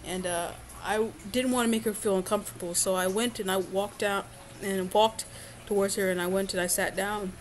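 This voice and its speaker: A woman's voice: medium pitch, steady tone, moderate pace, a little hiss or hum. Woman rambling through a story, faint ambience. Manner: rambling, full of fillers and restarts. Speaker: vlogger. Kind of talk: casual storytelling monologue.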